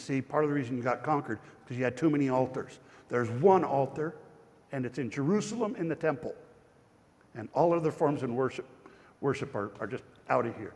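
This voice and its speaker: A male pastor giving a chatty, digressive Bible study, with frequent restarts. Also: medium pitch. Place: church. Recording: church hall reverb.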